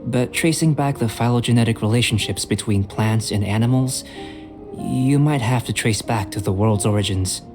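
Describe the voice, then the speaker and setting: A man voicing a calm, composed young alchemist in a video game, measured and gently lecturing. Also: medium pitch, natural voice. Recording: game audio with clear music behind. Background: game music.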